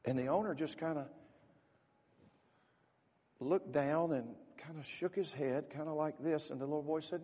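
A man's voice: fairly high pitch, moderate pace, long pauses, warm tone, husky, big-room sound. A man preaching a sermon as a pastor, telling a folksy story and teasing the congregation.

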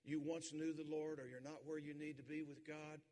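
A man preaching a sermon as pastor, swinging from quiet talk to loud, emphatic preaching in a church sanctuary. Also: on the high side, flat delivery, moderate pace. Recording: long hall reverb.

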